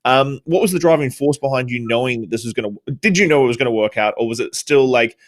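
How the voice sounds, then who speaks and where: A male podcast host on a video call, mid-pitched and easygoing. He asks long, looping questions, restarting phrases as he goes. The recording sounds dry and close. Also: fast talker, no room sound. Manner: casual, rambling questions with repeated restarts. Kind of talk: live-stream interview.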